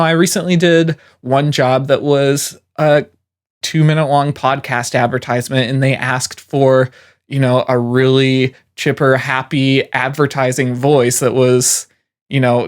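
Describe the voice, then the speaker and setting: A man who works as a voiceover artist, giving encouraging, conversational advice to beginner freelancers with frequent "you know"s. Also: medium pitch.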